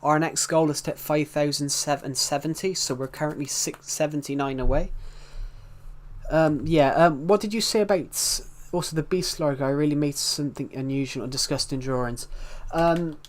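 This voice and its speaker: A man's voice: a little high, moderate pace. A man chatting casually on a live stream, greeting viewers and rambling as he reacts to the chat in front of a desktop mic.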